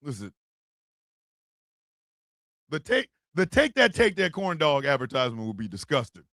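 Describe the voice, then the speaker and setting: Loud american guy cracking jokes on his podcast, high sharp voice, laughs a lot. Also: sing-song, normal speed, pauses often, dry recording. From United States. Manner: loud, laughing, rowdy banter. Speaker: podcast host. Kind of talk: comedic casual chat.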